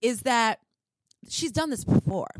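A woman hosting a podcast, talking in a casual chat with a blunt, profane, animated way of ranting. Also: on the high side, unhurried, dry recording. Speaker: podcast host.

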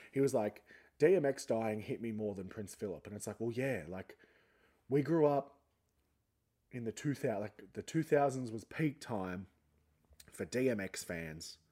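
Young aussie guy rambling on his podcast, jaw's sore so he sounds a bit off, lowish voice. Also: warm tone. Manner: rambling, chatty, self-mocking. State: sore jaw after wisdom teeth removal, talking a little funny. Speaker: podcast host. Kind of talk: casual solo podcast chat.

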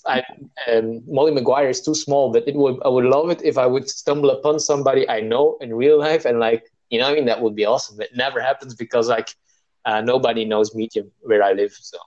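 A man in a casual conversation, speaking haltingly as he searches for words. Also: medium pitch, fairly even intonation, darkish tone, muffled recording. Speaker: guest writer.

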